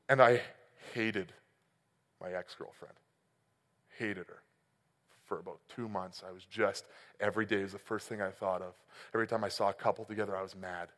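Man preaching in a reverberant hall. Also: mid-range voice. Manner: personal storytelling with swings from loud to quiet. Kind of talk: sermon. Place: church hall.

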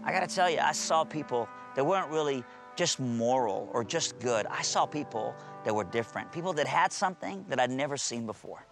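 A man's voice: medium pitch, animated, a little fast, creaky, few pauses, over music. A man telling his conversion story and preaching in an earnest, emphatic storytelling manner. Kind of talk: testimony and sermon.

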